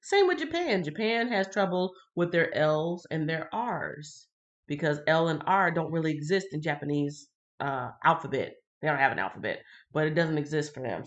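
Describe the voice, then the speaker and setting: Chatty woman hosting a Bible livestream. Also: low-pitched. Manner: chatty, addresses viewers directly; animated, laughs and greets viewers. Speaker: livestream host. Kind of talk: casual Bible reading and commentary.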